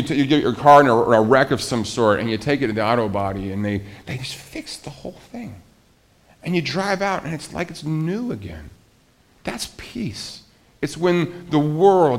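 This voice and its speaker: A male pastor preaching a conversational sermon, lively and animated, asking the congregation rhetorical questions. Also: medium pitch.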